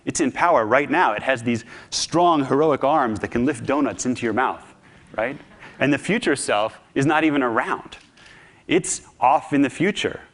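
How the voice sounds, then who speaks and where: Man, public talk, animated storytelling, humorous, mid pitch. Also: normal speed. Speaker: speaker.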